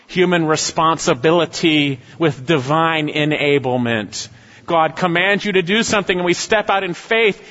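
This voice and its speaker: A male pastor preaches with emphasis, his somewhat high voice climbing for urgent appeals and sinking into quiet, low asides. The sound is muffled and lo-fi. His voice rings with a long reverb, as in a large church hall. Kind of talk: sermon.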